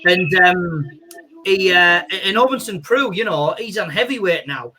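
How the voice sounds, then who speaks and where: A male comedian, a guest on a video call, chatting casually in a rambling, animated way full of "you know". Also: sits high, a little slow, a little hiss or hum.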